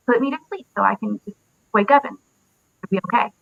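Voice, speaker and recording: Young woman in her twenties as an interview guest, halting and full of pauses, mid-pitched, dry phone-like sound. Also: gravelly, no echo. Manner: halting, many fillers and pauses. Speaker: interview guest, military widow. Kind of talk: emotional personal recollection. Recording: dry tinny phone-like audio.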